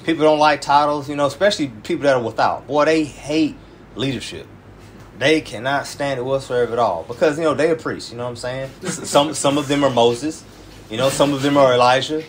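The voice is mid-range and brisk, belonging to a church elder teaching in an informal sermon. His delivery is emphatic and colloquial, peppered with "man," with a little hiss or hum underneath.

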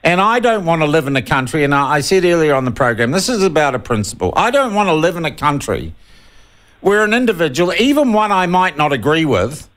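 Blunt New radio host, slightly high. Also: male voice, very animated, brisk, fairly bright tone. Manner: blunt, presses for direct answers. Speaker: radio talk show host. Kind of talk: probing talk radio interview.

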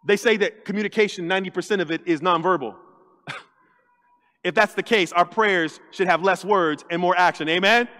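High-voiced preaching man in a reverberant church. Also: moderate pace. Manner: animated preaching, acts out quoted voices, jokes with the congregation. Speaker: lead pastor. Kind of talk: sermon. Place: church sanctuary.

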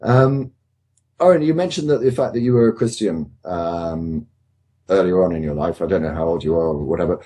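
A male host of a panel show who asks questions in a measured, inquisitive way, stammering a little as he starts. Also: low-pitched, warm tone. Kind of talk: casual panel chat.

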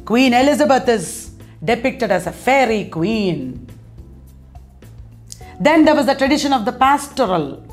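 A woman lectures on literature at a slow, deliberate pace, with a fairly high voice. She leans on each key term and repeats it so that it lands. Faint music plays softly behind her. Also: big pitch swings. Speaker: literature teacher. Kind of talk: exam-prep lecture.

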